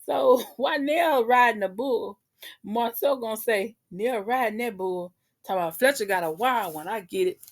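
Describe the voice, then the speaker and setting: A woman's voice: on the high side, expressive, normal speed. A woman, casually recapping a reality show for her viewers in a chatty, sassy way.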